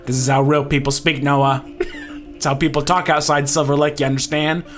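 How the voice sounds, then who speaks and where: A man voicing a brash, pushy male film director in a game, loud, rude and fast-talking. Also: a little high, little pitch movement, soft background music, natural voice. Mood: excited, bossy.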